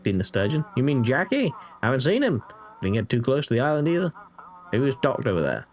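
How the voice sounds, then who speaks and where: A man voicing a gruff fishing boat captain on the radio. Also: medium pitch, wildly swooping pitch, a little fast, soft background music. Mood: offhand.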